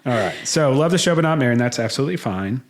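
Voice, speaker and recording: A man's voice: medium pitch, animated, very fast. A man in his thirties co-hosting a marriage podcast in casual chat, blunt and profane, getting fired up as he talks. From United States. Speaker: podcast co-host.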